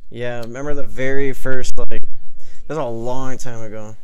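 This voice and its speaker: A man's voice: mid-range voice, steady tone, moderate pace, clean tone, low-quality recording. A young man in casual podcast chat, laid-back and curious, asking questions.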